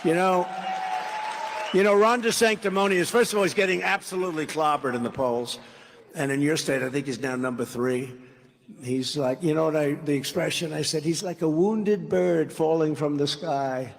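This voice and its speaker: Speaking at a moderate pace in a voice on the high side, this man keeps a steady tone as he wanders through an unscripted campaign speech at a large rally. Repetitive and rambling, he performs bits of dialogue, with a faint crowd audible and a big hall's long reverb around him.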